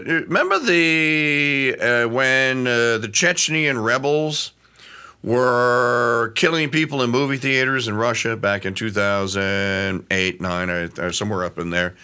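A middle-aged man hosting a talk radio show, giving animated commentary that rambles with frequent restarts. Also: mid-range voice, clean tone.

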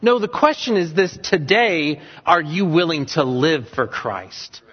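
A man's voice: on the high side, sing-song, measured pace, breathy edge. A male pastor preaching an earnest sermon, driving points home with repeated questions. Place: church sanctuary. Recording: dull sound with long hall reverb.

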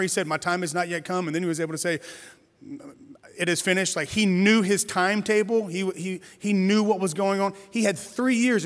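A man in his forties preaching as a guest pastor, chatty and animated, with playful storytelling asides. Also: sits high. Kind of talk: sermon. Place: church sanctuary. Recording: reverberant church hall.

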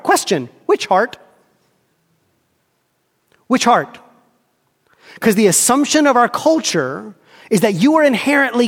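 A man's voice: very high-pitched, big-room sound. A man preaching a sermon as a pastor, asking emphatic rhetorical questions and acting out inner dialogue.

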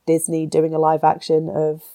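A woman's voice: deep voice, monotone, moderate pace, warm tone, no room sound. A woman guest on a podcast, chatting about films in an enthusiastic, sweary way. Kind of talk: casual podcast chat.

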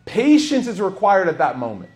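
A man's voice: high-pitched, wildly swooping pitch, normal speed. A man giving a scripture lecture, telling personal stories and acting out the dialogue. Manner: storytelling, acts out dialogue. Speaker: Quran teacher.

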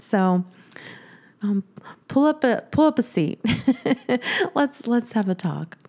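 A woman hosts her own podcast in a relaxed solo chat. She talks warmly and rambles, giggling often and getting emotional. Her pitch sits in the middle of the range. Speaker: podcast host. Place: home office.

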